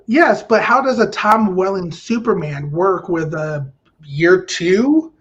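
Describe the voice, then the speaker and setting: A man's voice: high-pitched, animated, takes it slowly, fairly bright tone. A man co-hosting a casual chat show who hesitates and searches for his words. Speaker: co-host. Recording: dull lo-fi.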